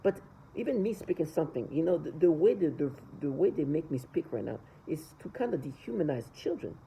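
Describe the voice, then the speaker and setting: In a rough recording with a faint hum underneath, a vlogger speaks to camera in a low, warm, mellow voice that is also gravelly and sing-song, moving a little fast. She comes across as earnest and insistent, frequently tripping over repeated words and beginning her sentences again.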